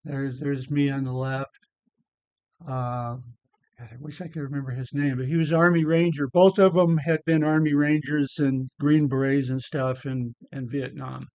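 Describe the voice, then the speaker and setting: A man's voice: mid-range voice, flat delivery, normal speed, darkish tone, smooth, no echo, lo-fi sound. An older man rambling casually over photos of an old hike, blunt, with many repeated words. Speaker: vlogger.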